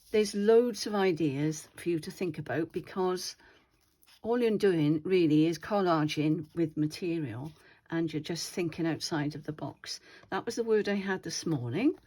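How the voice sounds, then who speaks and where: A woman hosting her own craft channel, chatting casually and thinking aloud as she shows her slow-stitching pages. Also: lowish voice, darkish tone. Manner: chatty, rambling, thinks aloud while handling materials.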